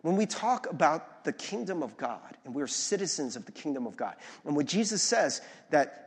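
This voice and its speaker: A man preaching a sermon as pastor, lively and conversational, often asking the audience to follow along. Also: a little high, moderate pace, hardly any pauses, breathy edge. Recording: long reverb of a large hall.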